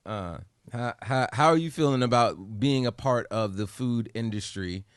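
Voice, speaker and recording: A man talks through a casual podcast chat in an emphatic, animated way, often restarting his sentences. His voice sits in the middle range. The recording is dry and close, with little room sound. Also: medium pitch, moderate pace, clear, resonant tone, no echo. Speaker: podcast co-host.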